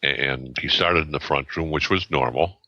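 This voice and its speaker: Very deep-voiced older man, bright tone. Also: no echo. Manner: rambling, halting, with many restarts and fillers. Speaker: podcast guest. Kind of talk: casual storytelling. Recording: dull lo-fi sound.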